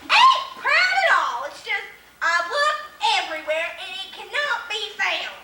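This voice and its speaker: A student as a deaf old grandmother, loud, muddled, swooping voice, noisy room. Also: very high-pitched, big pitch swings, measured pace, full character voice. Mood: insistent. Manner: loud, cranky, mishears and rambles. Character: hard-of-hearing old grandmother, mishears everything. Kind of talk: high school stage play. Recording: echoey hall, from far, noisy.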